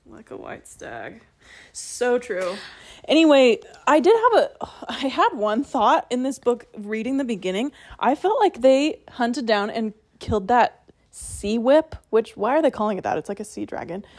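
A woman's voice: fairly high pitch, animated, darkish tone, no echo. Chatty young-sounding woman, dry mic. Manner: chatty, laughs often, quick asides. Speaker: podcast co-host. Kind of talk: casual chat.

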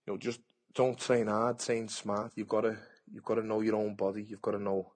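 Flat and fairly quick, his lowish voice carries a darkish tone. He's an English boxer and TV pundit giving a casual interview, speaking bluntly and chattily with lots of repeated words.

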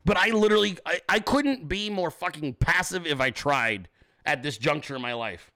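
A man in his forties hosting a show, telling stories in a swearing, animated rant. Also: a little high, normal speed. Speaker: show host. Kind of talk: profane ranting monologue.

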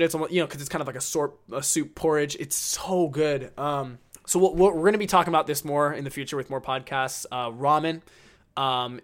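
A man hosting a casual solo podcast, rambling enthusiastically with lots of ums and likes. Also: fairly high pitch. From United States. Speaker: podcast host.

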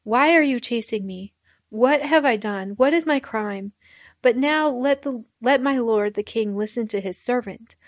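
A woman's voice: on the high side, unhurried, no echo, lightly acted. A woman reading aloud the lines of a young male warrior-king, giving them raised emphasis. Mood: pleading.

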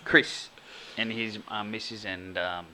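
A man's voice: on the low side, steady tone, slow, pushed and bright. A man co-hosting a casual podcast, teasing his friend in an offhand way. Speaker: podcast co-host. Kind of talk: casual chat.

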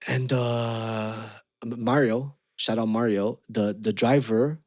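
A man's voice: medium pitch, slow pace, no room sound. Slangy man telling stories in a dry booth. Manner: animated storyteller, slangy, acts out quotes. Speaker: podcast host. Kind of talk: casual podcast chat.

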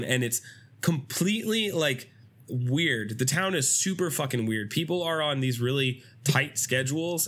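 A man on a podcast casually retelling a movie plot, swearing freely and jumping into high, silly voices for the characters. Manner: animated storytelling with swearing, doing high-pitched quoted voices and laughing. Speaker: podcast co-host.

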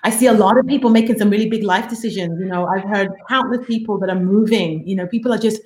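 A woman co-hosting a podcast, chatting casually and telling stories quickly and animatedly. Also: medium pitch, darkish tone, reverberant. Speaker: podcast co-host. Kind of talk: casual chat.

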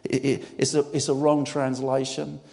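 A man giving a sermon as a guest preacher, emphatic and given to sudden loud outbursts. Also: mid-range voice, flat delivery, normal speed, gravelly. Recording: long church-hall reverb.

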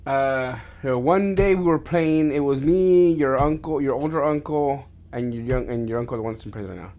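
Rambling, profane dad telling stories. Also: male voice, mid-range voice, brisk. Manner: rambling, with many restarts and swearing; gets loud and animated in fight stories. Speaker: podcast host talking with his son. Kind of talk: casual storytelling chat.

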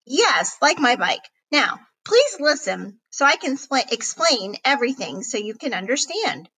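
A woman voicing an excitable young boy who narrates a storybook, raising her voice to sound like a child. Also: sits high, unhurried, husky, far from the mic, pitched above the performer's own voice, heavily acted. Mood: eager. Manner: eager, bouncy kid voice.

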